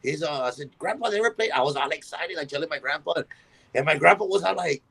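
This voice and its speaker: A man, a musician guest on a podcast, telling a story in an animated way and acting out the voices of the people in it. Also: on the high side, fast, vocal fry, husky, rough recording. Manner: animated, acts out quoted voices in his stories.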